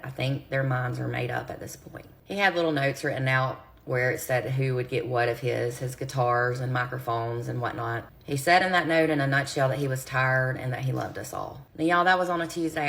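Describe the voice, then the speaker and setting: Woman, low voice, earnest storyteller talking straight to her followers on a phone video. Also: creaky, fairly bright tone. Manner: earnest, direct, speaks straight to viewers. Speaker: true crime creator. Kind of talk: personal storytelling to camera.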